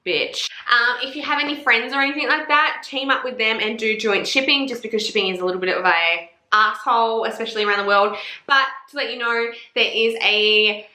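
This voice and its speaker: A young woman with an Australian accent talks straight to camera in a bright, fairly high voice. She chats in a blunt, playful way and swears freely. The sound carries a clear echo of the room around her. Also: fairly quick, hardly any pauses. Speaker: book vlogger. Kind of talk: casual chat. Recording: echoey room.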